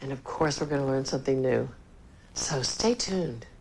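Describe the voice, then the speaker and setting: An actress playing a prim homemaking show hostess, sweet on camera and snappish off it. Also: female voice, a bass voice, lively intonation, moderate pace, darkish tone, breathy edge, full character voice, low-quality recording. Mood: chirpy. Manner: sweet presenter tone turning to snappish complaint. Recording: TV clip with music.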